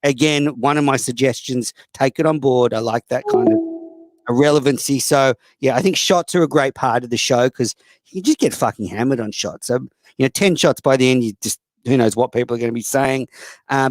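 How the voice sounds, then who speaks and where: A man's voice: medium pitch, brisk, no echo. An Australian man hosting a casual call-in show, blunt, profane and mocking toward callers and other hosts. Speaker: host.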